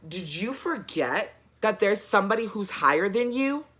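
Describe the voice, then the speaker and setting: Young guy doing his mad mom, sassy and scolding, bright voice. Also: fairly high pitch, normal speed, natural voice. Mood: furious. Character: indignant mother defending her son.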